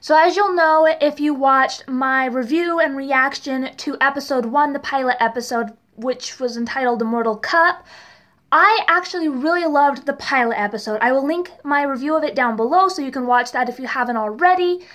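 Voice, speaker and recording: A woman's voice: high-pitched, moderate pace, fairly bright tone. A young woman in a casual review vlog, chatty and leaning heavily on the word "really". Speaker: TV review vlogger.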